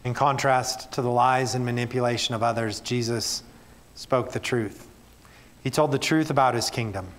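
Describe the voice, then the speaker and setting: A male pastor gives a sermon in a medium-pitched voice with fairly even intonation and a moderate pace. He first reads scripture, then turns to his congregation and speaks earnestly in plain terms.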